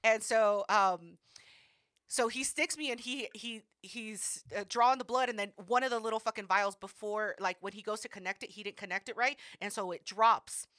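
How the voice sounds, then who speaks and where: A woman co-hosting a podcast tells a story in an animated, profane way, acting out what people said during casual storytelling. Her mid-range voice moves at a moderate pace, recorded in a clean studio with no room sound.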